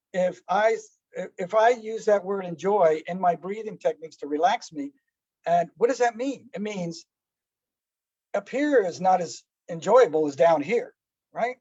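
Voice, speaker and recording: A man with a fairly high voice leads a relaxed lesson on breathing and letting go. He talks conversationally, tosses out rhetorical questions and acts out small stories with quick character voices. The recording is dry and somewhat dull. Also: dry recording. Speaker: meditation teacher. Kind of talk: relaxed spoken teaching talk.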